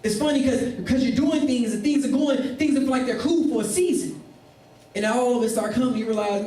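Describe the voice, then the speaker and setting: A man preaching a sermon as pastor, animated and acting out the people in his stories. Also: very high-pitched, quick pace, a little hiss or hum. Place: church. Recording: echoey room, mic at a distance.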